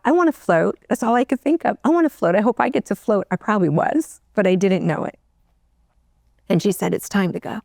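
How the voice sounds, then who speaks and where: A middle-aged woman, an interview guest, telling her own story in a halting, emotional way, close to tears, with many restarts. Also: medium pitch, creaky, warm tone, no room sound. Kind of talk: personal storytelling.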